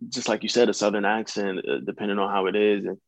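This young American man has a lowish, level voice and speaks quickly, with no room sound in the recording. He's an actor chatting casually as a guest, rambling and hesitant, restarting his sentences often.

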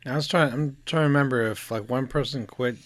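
A woman's voice: a bass voice, fairly quick. A woman in casual chat who chimes in with blunt, wry jokes and short remarks.

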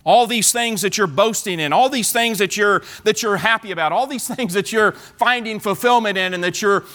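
A male pastor preaching a sermon, retelling the story in an animated way with many repeats and restarts. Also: sits high, normal speed.

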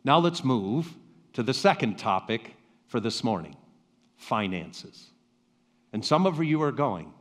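A man preaching a sermon as a pastor, with slow, emphatic pauses and rhetorical questions. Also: medium pitch, sing-song, fairly bright tone. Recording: reverberant hall.

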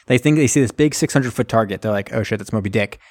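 A man's voice: fairly low pitch, quick pace, a little mellow, no echo. A man casually retelling a movie plot for laughs, jumping into quoted voices of the characters as he goes. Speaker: podcast co-host. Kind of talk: casual movie recap chat.

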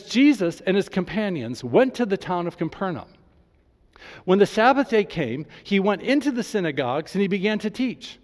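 A man's voice: sits high, a little mellow, big-room sound. A male pastor preaching a sermon with enthusiasm, reading scripture aloud to his congregation.

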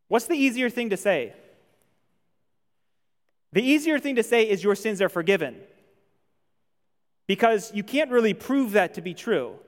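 Male pastor, high-pitched, chatty conversational preaching, church hall reverb. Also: moderate pace, pauses often. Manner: conversational, animated when voicing imagined objections. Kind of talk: sermon.

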